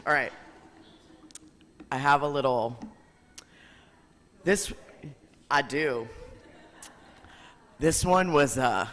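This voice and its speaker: A woman rabbi giving an earnest, animated spiritual reflection, often breaking into laughter. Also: a bass voice, in a large hall.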